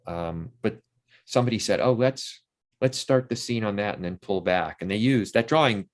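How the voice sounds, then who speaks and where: A man in his sixties, an interview guest who tells lively stories about a film shoot and acts out what people said on set. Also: on the low side, moderate pace. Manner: animated storyteller who acts out quotes from the set. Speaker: interview guest, actor and playwright. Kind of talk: casual interview chat.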